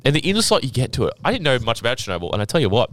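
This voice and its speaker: A man's voice: mid-range voice, very animated, rapid-fire, dry recording. A man hosting a podcast in casual chat, rambling, laughing often and swearing freely. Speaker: podcast host.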